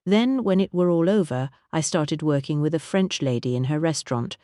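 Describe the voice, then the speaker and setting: A woman's voice: deep voice, expressive, moderate pace, dark tone, no echo, studio quality. A woman voicing a short, rotund working-class army cook who drops his aitches and talks in slang. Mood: chatty. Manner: dropped aitches, slangy, sheepish.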